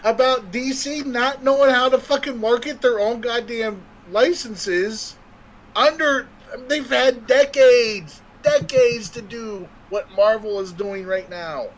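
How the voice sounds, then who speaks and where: A man's voice: extremely high pitch, slow, poor audio. A man co-hosting a podcast, ranting and swearing freely. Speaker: podcast co-host. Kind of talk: casual podcast chat.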